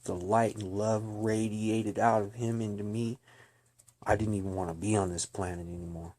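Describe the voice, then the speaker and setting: A man's voice: on the low side, little pitch movement, normal speed, a little mellow. A man giving an earnest personal testimony, talking bluntly and slangily and addressing his listeners directly. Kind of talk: emotional personal testimony to camera.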